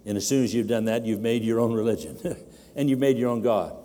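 An older man preaching a sermon in a large conference hall, his mellow voice trailing off into a long reverb. He gets animated and pushes his voice up when he acts out a demanding baby. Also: medium pitch, a little fast.

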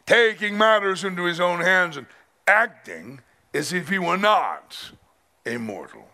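A male pastor preaching a sermon at a men's conference, dramatic and emphatic, with drawn-out pauses. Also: high-pitched, big pitch swings, bright, forceful tone.

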